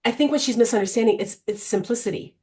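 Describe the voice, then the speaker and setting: A middle-aged woman, a guest coach, talking in an animated, storytelling way during an interview. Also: fairly high pitch, fast. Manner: animated, storytelling, frequent restarts. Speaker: guest, vision board coach. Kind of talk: conversational interview.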